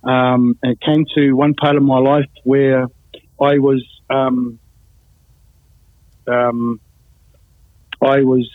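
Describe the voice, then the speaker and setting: A man's voice: mid-range voice, level tone, slow, pauses often, no room sound. A man giving a blunt, matter-of-fact account of his life as an interview guest. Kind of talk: personal testimony in an interview. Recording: tinny phone-like sound, dry.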